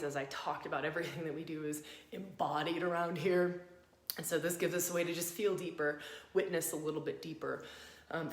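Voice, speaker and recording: A woman teaching embodied astrology, guiding listeners through a practice in a gentle, inviting way and repeating phrases for emphasis. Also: on the low side. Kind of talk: guided practice talk to a live audience. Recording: roomy echo.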